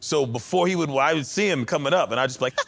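A man's voice: fairly high pitch, fast talker, creaky, a bit bright. A man telling a story in a casual interview, imitating the people he describes.

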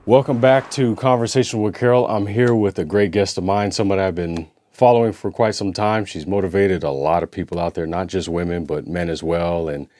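A man's voice: low voice, fairly even intonation, fairly quick, hardly any pauses, no echo. A man hosting an interview show, asking long, winding questions with restarts. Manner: warm-up questions with long, rambling setups and restarts. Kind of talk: conversational interview.

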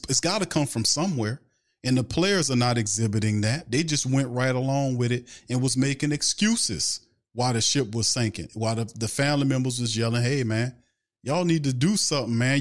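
A man hosts a casual sports fan podcast and talks in an animated rant. He fires off rhetorical questions one after another and stops to answer questions viewers send in. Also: mid-range voice. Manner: takes viewer questions from chat.

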